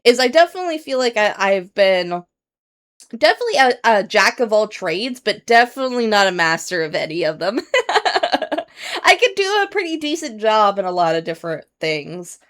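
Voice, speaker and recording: A woman streamer chatting casually to her viewers, rambling with many fillers and restarts, earnest and candid. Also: medium pitch.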